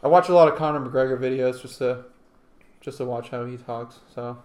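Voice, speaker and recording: A man's voice: mid-range voice, brisk. Rambling, joking man in an echoey room. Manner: rambling, joking, trails off softly. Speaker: co-host. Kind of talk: casual chat. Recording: echoey room with faint noise.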